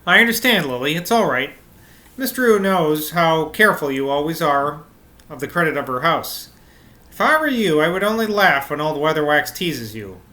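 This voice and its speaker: A man's voice: on the high side, big pitch swings, moderate pace, sharp tone. Man voicing a kind, firm young woman. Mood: kindly.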